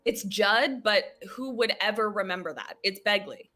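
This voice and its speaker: A woman's voice: mid-range voice, normal speed, pushed and bright. A woman co-hosting a livestream, bantering wryly and teasing her partner. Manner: wry, teasing. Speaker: co-host. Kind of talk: casual banter.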